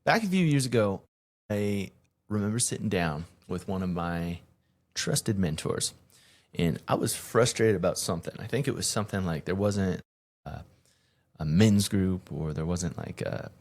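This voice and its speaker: A man with a fairly low voice hosts his own podcast in a loose solo monologue. He talks in an energetic, chatty way, and his pitch jumps up high when he gets excited. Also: moderate pace. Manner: energetic, conversational, hype greetings. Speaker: podcast host.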